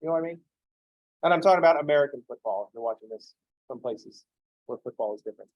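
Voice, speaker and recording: A man's voice: medium pitch, lively intonation, quick pace, no room sound, muffled recording. A man teaching a math class, talking emphatically and drifting into self-deprecating stories. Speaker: math instructor. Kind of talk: lecture with digressive anecdotes.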